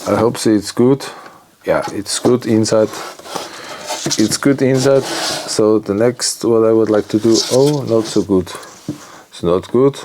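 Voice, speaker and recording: A man talking himself through an electronics repair at his workbench, in halting English and muttering as he works. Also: on the low side, background noise.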